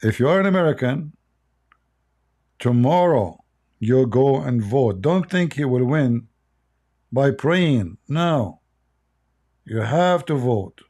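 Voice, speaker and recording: A man's voice: mid-range voice, animated, takes it slowly, pauses often, darkish tone. A middle-aged man with an Arabic accent hosting a livestream, blunt, mocking and emphatic in his commentary. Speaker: livestream host.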